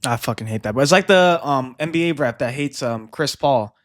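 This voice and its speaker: A man's voice: medium pitch, expressive, fairly quick. A man co-hosting a casual podcast chat, laid-back and agreeable, swearing now and then.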